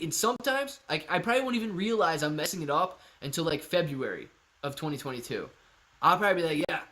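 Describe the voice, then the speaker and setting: A man hosting a live stream, answering viewer chat in a casual, energetic and hyped way, calling people man and dude. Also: a little high. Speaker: livestream host answering chat.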